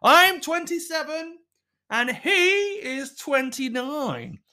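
A man's voice: extremely high pitch, sing-song, slow, sharp tone, voice pushed up, full character voice. A man voicing a frustrated young woman writing in about her boyfriend, in a giggly, complaining manner. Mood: exasperated.

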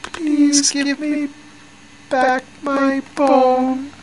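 Casting: a high, slow, wailing little ghost for a spooky storybook, distant. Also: level tone, a little hiss or hum. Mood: pleading. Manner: slow, drawn-out, rising to a shout. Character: small angry bone-seeking ghost voice.

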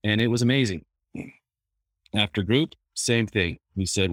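A therapist chats casually, a man with a somewhat low voice who drifts through anecdotes with easy fillers. The sound is dry and close, with no room around it. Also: a little slow, long pauses, no echo. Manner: easygoing, anecdotal, many fillers. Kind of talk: casual storytelling.

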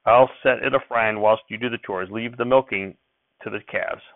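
A man voicing a fussy, excitable old rural grandfather who talks in a folksy backwoods dialect and breaks into sharp scolding. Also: on the low side, normal speed, no echo, natural voice. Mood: chatty. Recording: dry, thin phone-like sound.

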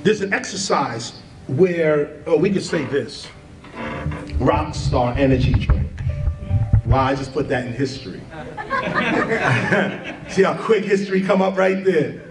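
High, animated man talking spirituality. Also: takes it slowly, pauses often, echoey room, recorded from a distance, loud music behind the voice, poor audio. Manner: animated, earnest, laughs at his own asides. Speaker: podcast host. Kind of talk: spiritual talk with guided exercise.

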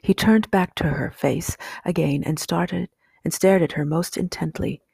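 A woman reading a children's novel aloud in calm, measured audiobook narration. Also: fairly low pitch, gravelly, slightly rough, no echo, studio quality. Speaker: reader.

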